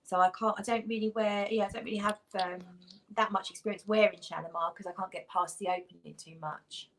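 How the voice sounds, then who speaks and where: A woman's voice: mid-range voice, fairly even intonation, fairly quick, a bit bright, slight background noise. Giggly woman guest on a live stream. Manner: giggly, easygoing.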